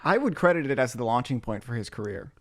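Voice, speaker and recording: Man, podcast co-host, deadpan, lively pitch, dry sound. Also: quick pace, no room sound. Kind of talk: casual chat.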